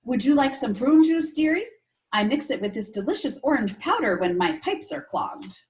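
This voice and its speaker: A woman's voice: a little high, sing-song, moderate pace, pitched above the performer's own voice. A woman doing a kindly old Polish lady. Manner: warm, fussing, chatty. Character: kindly smiling old woman, shelter cook.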